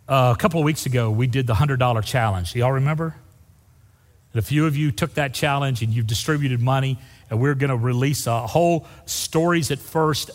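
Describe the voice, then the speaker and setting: A man preaching a sermon as a pastor, telling folksy stories and speaking straight to the congregation. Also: medium pitch. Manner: folksy storytelling preacher, says y'all. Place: church sanctuary. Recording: long reverb in a large church hall.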